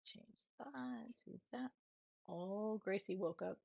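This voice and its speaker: Woman streamer, casual home-office chat, soft and slightly husky, lo-fi dry mic. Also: mid-range voice, slow pace, dry recording. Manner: chatty, soft-spoken, talks to her pets, laughs often.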